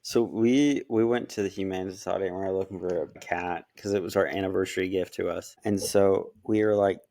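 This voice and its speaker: Low-voiced man telling a pet story. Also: a little fast, dry recording. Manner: animated storytelling with quoted dialogue. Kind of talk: casual chat, pet story.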